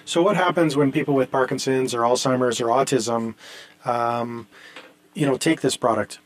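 A man hosts the interview and asks short, prompting questions. His voice is at a middle pitch and plainly conversational. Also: fairly even intonation, normal speed. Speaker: interview host.

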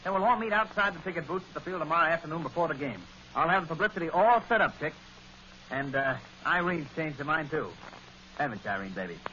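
A fast-talking publicity hustler. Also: male voice, fairly high pitch, lively intonation, pushed and bright, a little hiss or hum. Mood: pushy. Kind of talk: 1940s radio acting. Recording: lo-fi old radio broadcast.

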